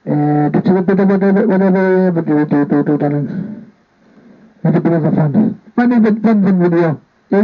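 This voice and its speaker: A man chatting in a playful, repetitive way while making a casual vlog, holding a handheld microphone and talking to a partner off camera. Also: high voice. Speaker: vlogger. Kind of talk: casual rambling vlog chat. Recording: tinny phone-like sound.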